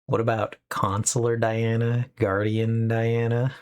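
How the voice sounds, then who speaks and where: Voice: mid-range voice, level tone, unhurried, smooth. A young adult live streamer chatting casually and rambling with upbeat asides, from a home streaming setup.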